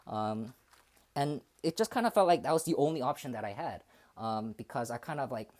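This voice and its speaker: A young man in his twenties talks through his thoughts on a casual livestream. His voice sits at an ordinary middle pitch, and he pauses often, circling back with ums and restarts as he reflects. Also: expressive, a little mellow. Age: 20s. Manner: hesitant and reflective, many fillers and restarts. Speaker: streamer.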